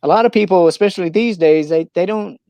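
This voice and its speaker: A man from Missouri rambles through a casual livestream chat, full of "you know" and restarted sentences. His voice is smooth and clear, recorded dry and close with no room sound. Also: sits high, quick pace, mellow, dry recording. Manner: rambling, many fillers and restarts. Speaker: livestream host.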